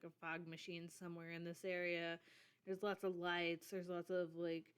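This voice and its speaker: A woman's voice: lowish voice, clear, resonant tone. A woman running a tabletop game over voice chat, narrating casually with many ums. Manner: casual, chatty, lots of ums and laughs. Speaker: game master. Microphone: home microphone on voice chat.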